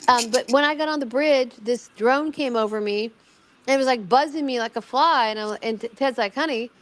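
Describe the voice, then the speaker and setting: Middle-aged woman, higher voice, casual storyteller, animated, restarts often, acts out the quotes. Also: a little fast. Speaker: guest recounting a personal experience.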